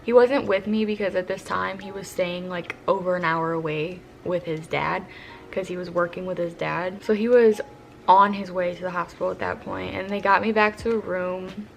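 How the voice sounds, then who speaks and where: Young woman, vlogger, casual storytelling, gravelly voice, low-ish pitch, blunt and profane. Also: moderate pace, slight background noise. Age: young adult. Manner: candid, profane, animated retelling.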